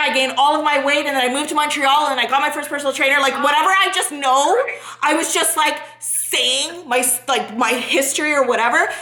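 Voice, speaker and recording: Bright, animated young woman telling a story. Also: high voice, reverberant, rough recording. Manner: animated, swears freely, talks fast when anxious. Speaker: vlogger. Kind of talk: casual storytelling to friends.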